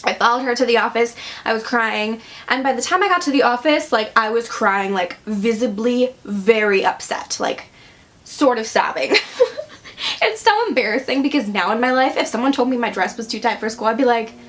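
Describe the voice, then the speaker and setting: A woman's voice: on the high side, normal speed, fairly bright tone. A young woman from Wisconsin telling a personal storytime on her vlog, chatty and sarcastic, full of "like" fillers. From Wisconsin, USA. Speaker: vlogger.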